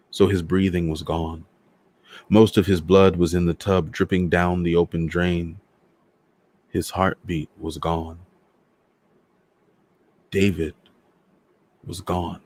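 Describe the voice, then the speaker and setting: Deep-voiced man reading a novel aloud. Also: a little mellow. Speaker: storyteller host.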